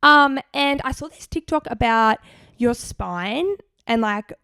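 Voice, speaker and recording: Young woman, Queensland Australian accent, podcast co-host, chatty storyteller, slightly high pitch, dry recording. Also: lively intonation, takes it slowly, pushed and bright, clear, resonant tone, no echo. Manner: chatty storyteller, heavy use of "like". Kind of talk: casual chat.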